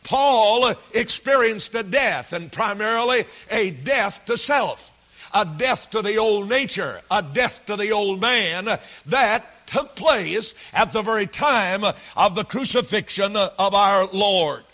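Slow, high-voiced male preacher. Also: animated, pushed and bright. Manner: slow, deliberate delivery, repeating key phrases and verse references; frequent "uh" fillers between phrases. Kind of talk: sermon.

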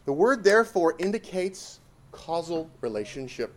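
A man's voice: a little high, sing-song, moderate pace. A man preaching a sermon, emphatic and repetitive, pressing points with rising exclamations.

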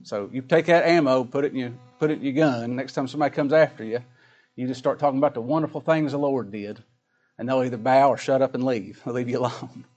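A middle-aged man preaching a sermon, folksy, swinging from loud emphatic scripture reading to quiet asides. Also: medium pitch, steady tone, fast, highs cut off, soft background music. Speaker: pastor.

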